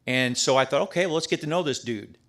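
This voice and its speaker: A middle-aged priest giving a talk at a men's prayer breakfast, in a folksy, emphatic conversational sermon. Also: male voice, mid-range voice, fast talker, fairly bright tone. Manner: folksy and emphatic, with restarts and asides.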